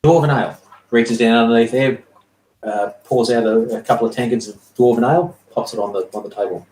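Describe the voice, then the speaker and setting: A man narrating as game master of a tabletop game, halting and filling pauses with ums and uhs. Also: medium pitch, steady tone, a little mellow, distant mic, a little hiss or hum. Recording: echoey room.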